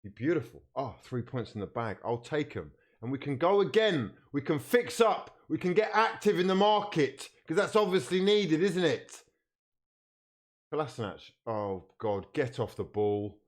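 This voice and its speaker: A fan streamer reacts live to a football match, frustrated and swearing, now and then shouting at the players. His voice sits on the high side with big pitch swings, and he talks at a moderate pace.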